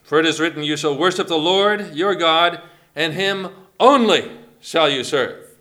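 A man quoting Jesus rebuking the devil in a forceful, stern voice. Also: on the high side, measured pace.

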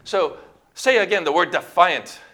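A man's voice: high voice, lively intonation, a little slow, bright, forceful tone. A man preaching a sermon, emphatic and full of rhetorical questions to his congregation.

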